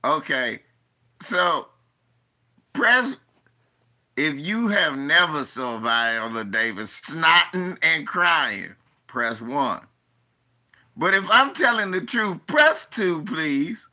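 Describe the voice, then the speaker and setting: A man hosting casual reaction commentary, loud, crude and joking, often breaking into laughter. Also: fairly high pitch, sing-song, slow pace. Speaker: host.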